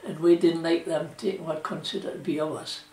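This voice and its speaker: Talking a little fast in a steady, slightly high and darkish voice, an older former shipwright from South Shields, England, shares rambling memories of his working life in Geordie dialect, full of "like" and "you know." The oral history interview is picked up by a distant mic, off-mic, in a roomy, echoey space.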